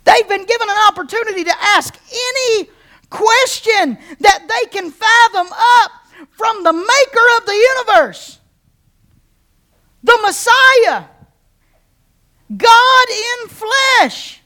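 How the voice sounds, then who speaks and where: A high-voiced woman pastor preaches to her congregation. She teaches with a playful, joking touch and mixes stories with her points. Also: lively intonation, slow pace, pauses often, bright, forceful tone. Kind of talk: sermon.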